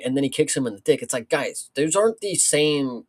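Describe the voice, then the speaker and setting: A man's voice: a little high, expressive, fast talker, slightly rough. A man co-hosting a fight review podcast, retelling moments in a fired-up, swearing way. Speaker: podcast co-host. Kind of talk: casual fight review chat.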